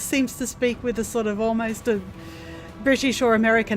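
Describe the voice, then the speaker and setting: Casual stream commentary from a woman, thinks out loud, a bit high-pitched, music faint underneath. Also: fairly even intonation, a little fast. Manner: chatty, thinks aloud, explains game mechanics. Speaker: game streamer.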